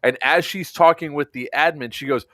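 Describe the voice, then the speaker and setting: A man co-hosting a casual podcast, chatty and quick to laugh. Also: on the high side, fairly bright tone, dry recording, clean studio sound. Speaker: podcast co-host.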